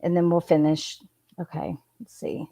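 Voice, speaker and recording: A woman's voice: on the low side, little pitch movement, normal speed, gravelly, mellow, no echo, studio quality. A woman casually reading out text messages and adding her own blunt asides. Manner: chatty, reads messages aloud with asides. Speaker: true crime commentator.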